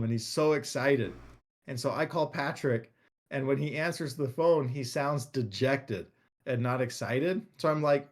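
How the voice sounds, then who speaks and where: A man's voice: mid-range voice, moderate pace. A man co-hosting a live stream, telling stories casually and rambling with lots of fillers and restarts. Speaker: co-host. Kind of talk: casual chat about a card game.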